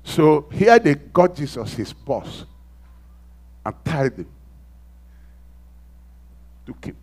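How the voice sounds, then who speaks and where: A male preacher delivering a sermon with a lively, rising and falling pitch. His voice sits a little high for a man, and he acts out the people in his story, jumping from loud bursts down to near-whispers. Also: slow. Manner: dramatic, acts out quoted voices, swings from loud to hushed.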